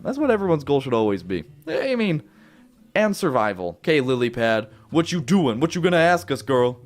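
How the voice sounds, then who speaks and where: Playful, lively young man gaming. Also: a little high. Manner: playful, silly, chatty with viewers. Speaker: gaming YouTuber. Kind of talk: casual live game commentary.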